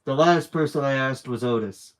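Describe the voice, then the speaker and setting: Male reader, steady plain narration for a children's book, mid-range voice. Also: mid-range voice, normal speed. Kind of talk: live read-aloud of a children's book.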